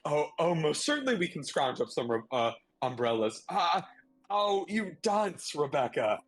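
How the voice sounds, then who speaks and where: A man putting on a raised, fussy female voice for an obliging, flustered assistant. She is relentlessly polite and hurried. The recording is dry, with faint music behind. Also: fairly high pitch, sing-song, slightly rough, no room sound, pitched above the performer's own voice, full character voice. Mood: formal.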